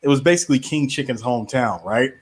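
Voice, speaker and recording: A man's voice: medium pitch, fast. A man co-hosting a casual podcast chat, building up a funny story with lots of emphasis. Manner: lively storyteller, builds up jokes. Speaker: podcast co-host.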